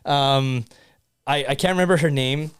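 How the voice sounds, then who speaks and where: Smooth-voiced man, halting podcast talk. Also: medium pitch, dry recording. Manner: halting, many restarts and fillers. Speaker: podcast co-host. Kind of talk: casual conversation.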